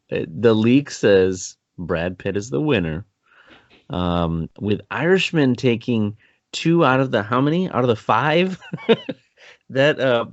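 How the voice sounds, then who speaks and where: Male podcast co-host, lowish voice, rambling and self-mocking, dry and slightly dull sound. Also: no echo. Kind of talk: casual film-review chat.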